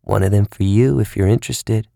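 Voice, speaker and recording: Man voicing a twitchy hushed cab driver, conspiratorial whisper, sudden high yelps, low voice, dry close mic, audiobook. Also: brisk, vocal fry, no echo. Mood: hushed scheming. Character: twitchy hushed male drug-dealing cabbie.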